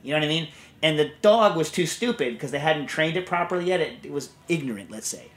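A man's voice: a little high, lively intonation, quick pace, fairly bright tone. A man hosting a podcast in casual chat, telling loose, rambling stories and answering listener questions. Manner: rambling, storytelling, loose and chatty. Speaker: podcast host.

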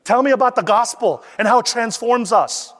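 High-voiced man lecturing in a hall. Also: normal speed. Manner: animated, acts out quoted voices. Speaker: preaching instructor. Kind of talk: lecture on sermon delivery.

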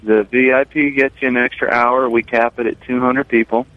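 Pria di saluran telepon yang tipis. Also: male voice, medium pitch, normal speed, dry recording. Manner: relaxed, chatty storytelling. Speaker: brewer calling in. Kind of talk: casual radio chat. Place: brewery. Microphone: phone line. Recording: tinny phone line.

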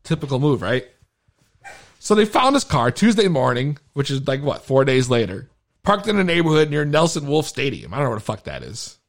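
A man's voice: medium pitch, brisk. A tipsy man hosting a podcast, telling stories in casual banter with lots of swearing and stumbling over his words. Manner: profane, animated storytelling. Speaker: podcast host. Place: podcast studio.

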